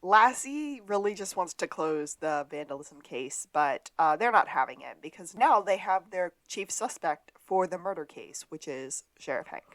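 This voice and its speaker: A woman's voice: lowish voice, lively intonation, normal speed, few pauses, no room sound. A woman co-hosting a podcast, recapping a TV episode in a matter-of-fact, dry way. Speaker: podcast co-host. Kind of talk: casual episode recap chat.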